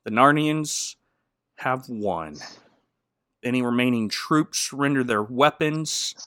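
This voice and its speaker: A man's voice: medium pitch, expressive, slow pace, pushed and bright, no room sound, clean studio sound. A man giving a jokey, slangy recap of a movie plot, laughing often. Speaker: podcast host.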